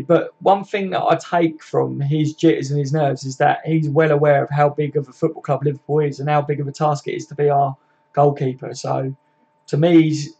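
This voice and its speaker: A young man hosts a casual fan-channel live stream, chatting and reading viewer comments aloud with plenty of tag questions and "mate." His voice is fairly high in pitch, darkish in tone, and slightly rough.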